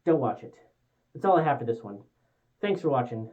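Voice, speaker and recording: A woman rants through a casual movie review with a lively, swooping pitch. She swears freely and sounds exasperated. The recording is dull and lo-fi. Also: brisk. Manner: exasperated, profane ranting.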